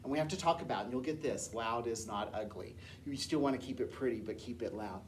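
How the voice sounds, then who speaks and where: A woman music teacher, enthusiastic and lively, explaining and leading a workshop. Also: rumbling low, brisk, recorded from a distance, slight background noise.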